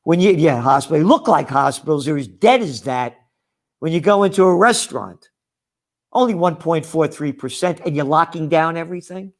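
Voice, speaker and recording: A man's voice: a little high, expressive, normal speed. A man delivering a combative, sarcastic rant promoting his trends magazine, full of mocking asides. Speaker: trends forecaster and publisher. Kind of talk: ranting promo monologue.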